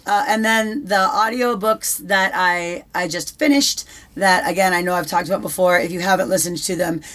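A woman's voice: fairly low pitch, fairly even intonation, a bit bright. Chatty, foul-mouthed young woman. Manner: swears freely, fast restarts and repetitions. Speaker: podcast co-host. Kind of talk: casual chat.

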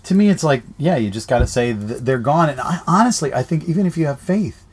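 A man's voice: fairly high pitch, lively intonation, fairly quick, slightly rough. A man co-hosting a podcast in casual chat, telling stories and acting out quoted dialogue. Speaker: podcast co-host, parent.

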